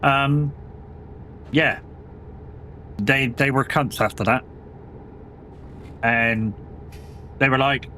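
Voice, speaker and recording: A young British man talks through a trucking game in a loose, rambling way, swearing freely as he recalls past work. His voice sits at an ordinary mid pitch, and a faint noise runs under it. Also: fairly even intonation, unhurried, pauses often, bright, forceful tone. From United Kingdom. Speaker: streamer. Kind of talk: casual chat while gaming.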